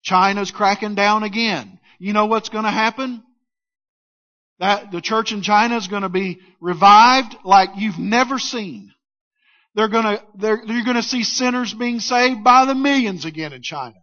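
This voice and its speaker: A man preaching a sermon as pastor, emphatic, leading the congregation in call-and-response and pressing his points in slow, weighty phrases. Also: high-pitched, sharp tone. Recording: dull lo-fi sound.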